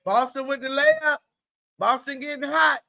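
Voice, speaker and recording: This live-streaming commentator is a woman with a high, gravelly voice and an unhurried delivery. Her play-by-play is casual and talkative, punctuated by loud exclamations at good plays.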